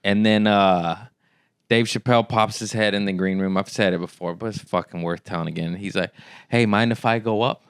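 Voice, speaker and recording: Smooth, low-voiced male podcast host. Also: little pitch movement, brisk, no echo, studio quality. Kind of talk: casual podcast chat.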